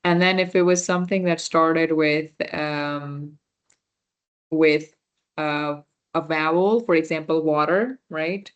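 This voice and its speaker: A volunteer French workshop teacher runs a casual online class for a small group of beginners, speaking through a computer mic with lo-fi sound. Her voice is low, smooth and slow, and her chatty, informal manner has her reading out answers to students' chat messages and correcting her own slips along the way.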